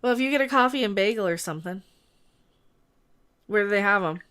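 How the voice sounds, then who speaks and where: A woman hosting a casual opinion livestream, blunt and ranting, with quick asides. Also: medium pitch, fairly bright tone, clear, resonant tone. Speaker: livestream host.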